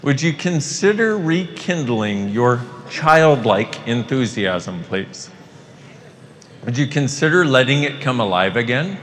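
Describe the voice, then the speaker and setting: A man giving a live motivational talk to an audience, animated and playful, swearing casually. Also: mid-range voice, slow. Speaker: workshop facilitator. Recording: long hall reverb, faint noise.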